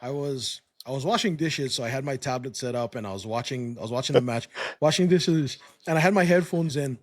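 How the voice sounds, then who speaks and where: A man's voice: medium pitch, brisk, dry recording. A man co-hosting a wrestling podcast in casual chat, slangy, saying bro and dude, telling stories with animation. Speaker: podcast co-host.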